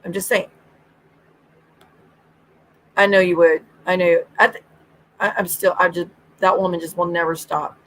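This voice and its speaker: A woman's voice: lowish voice, steady tone, measured pace, long pauses, fairly bright tone, rough recording. Woman streamer, casual gossip, swears, acts out quotes, giggly. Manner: giggly, breaks into laughter. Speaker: livestream host. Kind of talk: casual chat.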